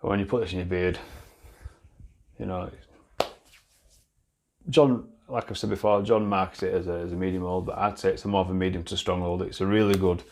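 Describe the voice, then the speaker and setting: A man's voice: sits low, steady tone, brisk, long pauses, a little mellow, a little hiss or hum. A man with a Yorkshire accent reviewing a beard product in a casual, blunt, chatty way, swearing freely and restarting his sentences. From Yorkshire, England.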